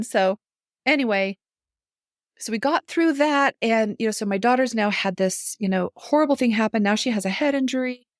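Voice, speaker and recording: A middle-aged woman, a guest on a podcast, telling a personal story in casual conversation, animated, acting out her own reactions and laughing often. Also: medium pitch, no room sound, studio quality.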